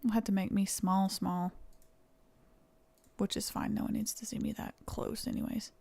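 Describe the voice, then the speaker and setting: A woman's voice: medium pitch, steady tone, moderate pace, vocal fry, warm tone, breathy edge. A young woman from East Tennessee with a Southern accent, chatting casually with viewers on a live stream and thanking them. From East Tennessee, USA.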